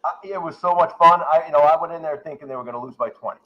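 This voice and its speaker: A man, a guest on a casual sports chat show, who tells animated stories and acts out yelling at the screen. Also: on the high side, racing, highs cut off.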